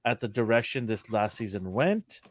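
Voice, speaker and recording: A man's voice: on the low side, normal speed, no echo. Laughing man hosting a dry-miked chat. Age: older. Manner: animated, laughs often. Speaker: podcast host. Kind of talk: casual pop culture chat.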